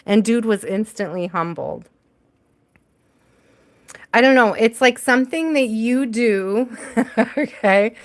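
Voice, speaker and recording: Slow, chatty woman tarot reader. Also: fairly high pitch, lively intonation. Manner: chatty, answers viewers by name, laughs often. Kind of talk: casual livestream tarot reading.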